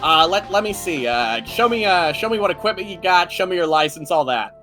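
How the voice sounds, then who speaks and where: A man's voice: high voice, animated, brisk, soft background music, voice pushed up. A man voicing a brash, bossy woman leader who barks short commands in a tabletop game. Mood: brisk. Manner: loud clipped barking commands.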